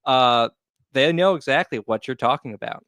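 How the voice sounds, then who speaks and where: A man's voice: mid-range voice, normal speed, a bit bright, no echo. Man, podcast co-host, casual chat, conversational, dry sound. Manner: conversational, reasoning aloud. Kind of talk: casual pop-culture chat.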